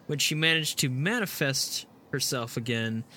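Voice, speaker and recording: A man from Canada co-hosting a casual gaming podcast, joking and crude with quick asides. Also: mid-range voice, animated, pushed and bright, a little hiss or hum. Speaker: podcast co-host.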